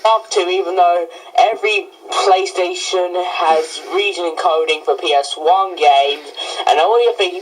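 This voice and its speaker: A man's voice: high voice, expressive, measured pace, few pauses, reverberant. A teenage boy narrating a video game review with enthusiastic, gushing praise. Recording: distant voice under loud music.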